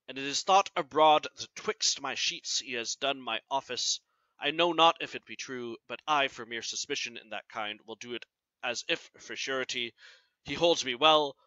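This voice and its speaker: Iago, a man reading as a scheming villain. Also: dry recording. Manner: plain read-aloud verse, lower and softer. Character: scheming resentful male villain, a soldier. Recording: dull lo-fi sound.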